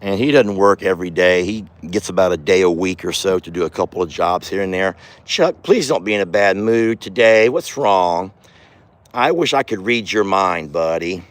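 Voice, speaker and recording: A man's voice: low voice, expressive, moderate pace. A man hosting a casual farm vlog outdoors, chatty and folksy, talking affectionately to his animals. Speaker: ranch owner and vlogger.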